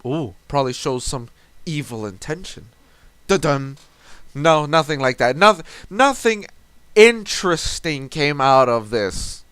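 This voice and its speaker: High-voiced young man ranting in exasperation. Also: a bit bright, clean tone, dry recording. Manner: exasperated, swearing, frequent restarts. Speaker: storyteller recounting a tabletop game. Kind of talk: ranting storytelling monologue.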